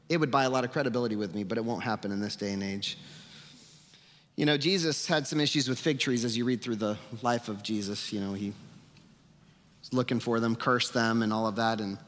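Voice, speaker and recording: A man preaching a sermon as pastor, animated, acting out quotes with sarcastic asides. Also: medium pitch, fairly quick. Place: church sanctuary. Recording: long reverb of a church hall.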